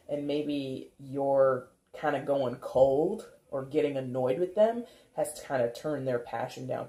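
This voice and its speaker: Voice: medium pitch, warm tone. A tarot reader giving a casual reading, chatty and thinking aloud, with frequent laughs. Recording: roomy echo.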